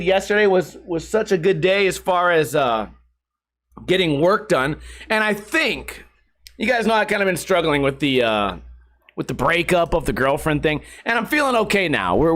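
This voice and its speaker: A young man hosting a solo podcast, telling rambling, profane stories in a casual, animated way. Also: sits high. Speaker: podcast host.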